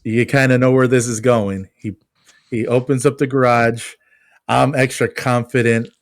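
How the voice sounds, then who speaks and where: A man with a mid-range voice tells an animated, self-mocking work story on a casual podcast. He speaks into a close microphone with a dry sound and almost no room echo. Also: mid-range voice, normal speed. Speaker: podcast co-host, pest control technician.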